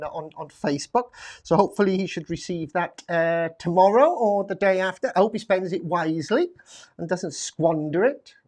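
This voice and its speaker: A man hosting a live online quiz stream, chatting casually and rambling with lots of fillers and restarts. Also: sits high. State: slightly out of breath. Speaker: quiz show host. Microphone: desk mic at a computer.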